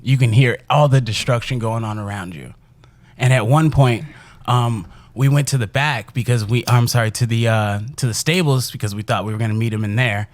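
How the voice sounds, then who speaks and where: A young man from Chicago tells stories as a podcast guest, loose and profane, breaking into laughter. His voice sits at an ordinary mid pitch for a man. The talk is relaxed and animated. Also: fairly quick, dry recording. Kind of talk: casual storytelling.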